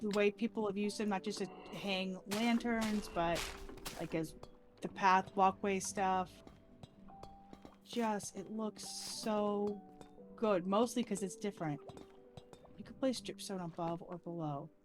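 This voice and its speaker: A woman streaming a block-building game in casual chat, giggly and excitable, with squeals when she is delighted. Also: medium pitch, a little slow, soft background music.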